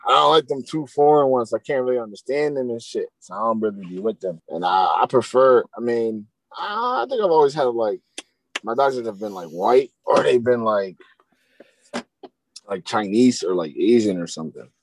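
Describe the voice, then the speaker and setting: A man's voice: mid-range voice, lively intonation, moderate pace, no echo, rough recording. Blunt slangy man chatting. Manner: slangy, blunt, laid-back. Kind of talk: casual chat.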